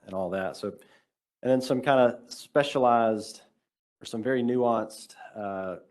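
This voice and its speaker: A man giving a measured, explanatory technical presentation on a video call, in casual phrasing. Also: on the low side, a little mellow. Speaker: workshop presenter.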